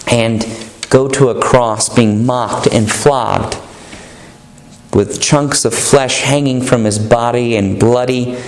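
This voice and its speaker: A man's voice: medium pitch, a little mellow. A male pastor preaching a sermon in an earnest, emphatic manner, stretching out key words. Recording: echoey room.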